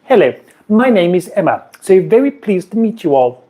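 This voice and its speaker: A man's voice: high-pitched, big pitch swings, moderate pace, dark tone, pitched above the performer's own voice. A man imitating a prim, overly polite woman with a dainty, formal manner.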